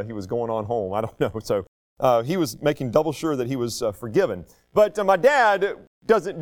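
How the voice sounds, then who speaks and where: Folksy preacher, animated storytelling. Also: male voice, medium pitch. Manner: folksy, storytelling, laughs often, animated rises when preaching. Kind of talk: sermon with personal stories.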